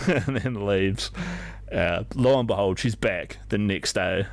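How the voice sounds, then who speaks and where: A man's voice: sits low, a little slow, creaky, no room sound. A young man streaming live who tells a story casually, rambling with constant fillers and swearing freely. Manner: rambling, filler-heavy, profane.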